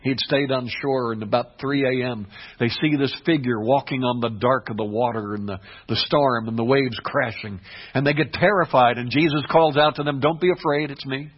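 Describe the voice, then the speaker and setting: Male pastor, dynamic sermon delivery, slightly husky, muffled low-fi recording. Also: fairly even intonation, normal speed. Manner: dynamic preaching, swings from hushed to emphatic. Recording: dull lo-fi recording.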